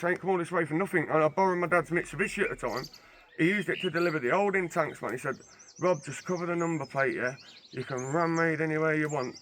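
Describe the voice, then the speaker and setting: A man tells his story in quick, slangy bursts. His voice is bright and sits a little high. Faint outdoor noise sits behind him. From England. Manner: animated, slangy, fast street talk. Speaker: interview guest. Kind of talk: casual storytelling.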